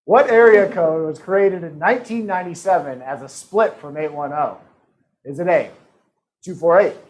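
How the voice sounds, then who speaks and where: Slightly high-voiced and caught on a low-quality recording, a man hosts a live-streamed trivia game. He keeps things upbeat and casual, with joking asides and fast laughs.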